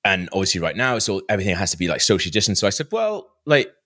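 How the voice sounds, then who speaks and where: A man's voice: low voice, rapid-fire. A man, a podcast host, telling a story casually and animatedly, laughing often. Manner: animated, lots of fillers and restarts, laughs often.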